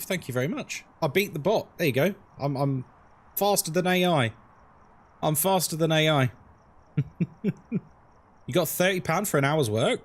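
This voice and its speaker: Lively chatty man streaming. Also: on the high side. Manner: chatty, greets viewers by name, quick jokes. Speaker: horror game streamer. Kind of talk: casual live-stream chat.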